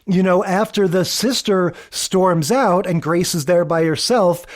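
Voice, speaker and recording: A man's voice: high-pitched, measured pace. A man co-hosting a podcast, chatting casually with plenty of fillers and recounting scenes. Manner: conversational, many fillers, quotes scenes in voices. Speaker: podcast co-host. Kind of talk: casual chat.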